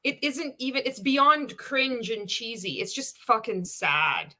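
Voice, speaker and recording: Woman, vlogger, bright tense voice, blunt, sarcastic, sweary, laughing often. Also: a little high, big pitch swings, unhurried. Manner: laughs often between remarks. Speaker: commentary vlogger. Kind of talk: casual reaction commentary.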